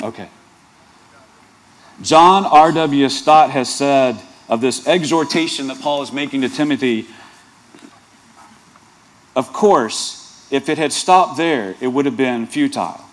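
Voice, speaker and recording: A male pastor preaching a sermon, earnest, with playful asides and rhetorical questions to the congregation. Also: medium pitch.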